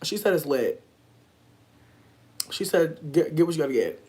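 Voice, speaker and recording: A woman in casual livestream chat, speaking. Her pitch swings widely, and she talks in a slangy, profane way. Now and then she bursts into loud, laughing shouts. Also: expressive, takes it slowly, pauses often. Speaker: livestream host reacting to chat.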